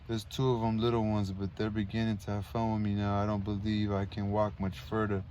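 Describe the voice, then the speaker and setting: A man voicing a wounded, rambling male soldier who talks in a slow, rustic, slurred drawl. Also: on the low side, monotone, darkish tone, slight background noise, natural voice.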